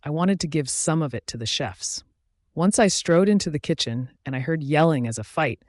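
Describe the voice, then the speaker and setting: A man reading a romance audiobook aloud in a steady, even first-person narration. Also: on the high side, moderate pace, no echo, studio quality.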